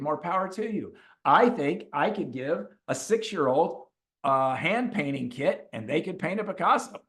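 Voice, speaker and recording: A man speaking as a coach in a webinar, telling stories in an animated way and repeating points for emphasis. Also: fairly high pitch. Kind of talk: webinar talk with storytelling.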